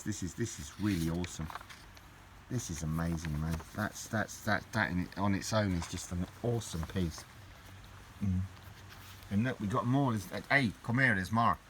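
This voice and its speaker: A middle-aged collector vlogger opens parcels and chats casually, gushing and rambling with plenty of repetition. His voice is lowish, with a little hiss or hum in the recording.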